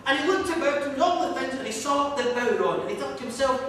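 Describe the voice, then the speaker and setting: A man telling a comic folk story to listeners in a museum, lilting and playful, dropping low for punchlines. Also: lively intonation, fast, bright, forceful tone. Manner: comic, lilting, with sudden drops to a low mutter. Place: museum hall. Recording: echoey hall, mic far off, faint noise.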